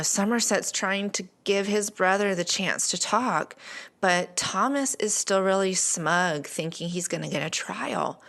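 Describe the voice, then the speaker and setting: Chatty woman with a low voice. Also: fairly bright tone. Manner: chatty, frequent fillers like "um" and "like". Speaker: podcast guest commentator. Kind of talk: casual podcast commentary.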